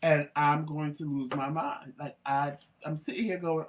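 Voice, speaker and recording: A man hosting a casual home talk show, chatty and animated and quick to laugh. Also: on the high side, slight background noise. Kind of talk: casual chat.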